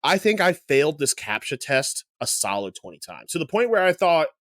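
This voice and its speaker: A young man co-hosting a podcast, telling stories in a relaxed way and laughing often. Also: fairly high pitch, moderate pace, dry recording, clean studio sound. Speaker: podcast co-host. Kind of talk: casual chat.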